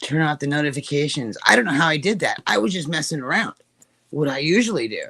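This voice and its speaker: A woman's voice: low voice, big pitch swings, fast talker, vocal fry, pushed and bright, slightly rough. A woman streaming live, chatting casually and joking as she greets viewers by name. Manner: jokey, rambling, greets chat by name.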